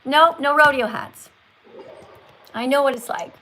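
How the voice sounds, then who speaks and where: A woman's voice: high-pitched, measured pace, bright, forceful tone, poor audio. A woman hosting a livestream with callers, lecturing in a preachy, scolding teacher tone. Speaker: livestream host.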